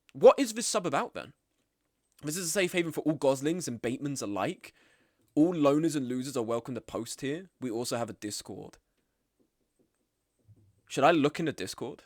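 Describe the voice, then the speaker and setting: A man, streaming and chatting casually, animated and blunt, with frequent swearing and mimicking of others. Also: dry recording, studio quality. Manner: animated, swearing, acts out quoted people in higher voices. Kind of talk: casual live-stream commentary.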